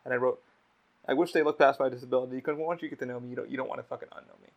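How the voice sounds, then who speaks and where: A young man hosts a casual podcast chat, his medium-pitched voice racing along with fairly even intonation. He tells rambling stories packed with heavy swearing, and the audio is dull and lo-fi.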